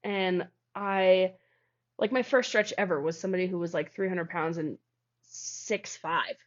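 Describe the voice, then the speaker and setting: A woman's voice: fairly low pitch, steady tone, a little slow. A young woman, a guest on an interview show, tells a personal story in a casual, rambling way, filling her talk with "like". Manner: rambling, heavy use of "like". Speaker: guest, founder of a healing practice. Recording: dull lo-fi audio.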